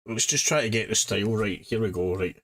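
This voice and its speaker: A man's voice: fairly low pitch, fairly quick, a bit bright, rough recording. A Scottish man chatting casually on a live stream, muttering to himself as he works.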